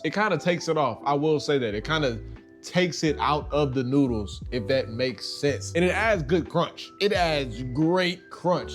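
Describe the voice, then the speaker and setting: Man, food vlogger, casual slangy chat, excitable, loud then mumbled, higher voice. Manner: animated, excitable, swings between loud and mumbled; casual slang-heavy talk.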